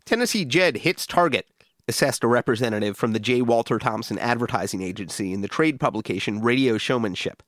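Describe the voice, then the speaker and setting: A man reads scripted documentary narration for a music history podcast. His voice sits at a mid pitch but moves expressively up and down, and the recording is dry and close. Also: lively intonation, a bit bright, no room sound. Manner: measured, informative delivery.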